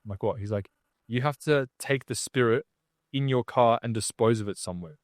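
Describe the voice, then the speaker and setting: A man's voice: medium pitch, fairly quick, dry recording. Male podcast guest, casual storyteller, slangy, dry close sound. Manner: casual, slangy, acts out other people's lines. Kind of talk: animated storytelling.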